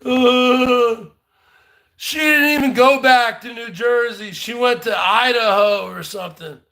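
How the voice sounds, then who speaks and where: A man doing a high brash taunting loudmouth. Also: measured pace, heavily acted. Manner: taunting, repetitive, shouty bursts. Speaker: parody comedian. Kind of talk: comedic impression rant.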